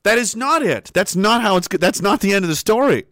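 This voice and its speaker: A man's voice: high-pitched, expressive, fairly quick, fairly bright tone, dry recording. A man ranting angrily on a livestream, sarcastic and indignant, swearing freely and answering his chat. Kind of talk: angry livestream rant.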